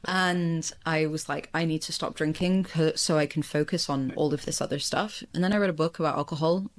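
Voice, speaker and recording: A woman's voice: low voice, steady tone, a little fast. A woman guest on a podcast, chatting casually, laughing often, with many fillers. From England. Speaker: podcast guest, marketing agency founder. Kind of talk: casual conversational interview.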